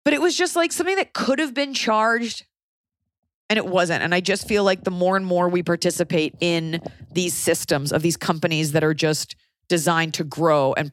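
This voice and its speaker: A woman podcast host in her thirties telling a casual story in a frank, animated way, often acting out what people said. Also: fairly low pitch, no echo, clean studio sound. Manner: animated, acts out quoted voices, frank and profane.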